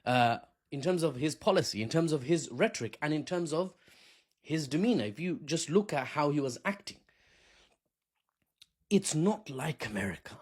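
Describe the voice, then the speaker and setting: A man's voice: a little high, lively intonation, normal speed, pauses often, slightly rough. A man hosting a casual solo news commentary, jokey and chatty, who wanders into asides. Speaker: commentary host.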